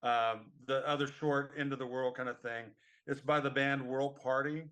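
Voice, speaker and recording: A man's voice: mid-range voice, steady tone, moderate pace, fairly bright tone, clear, resonant tone. A middle-aged man co-hosting a casual music podcast, talking in a rambling, hesitant way with many ums. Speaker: podcast co-host. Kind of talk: casual chat.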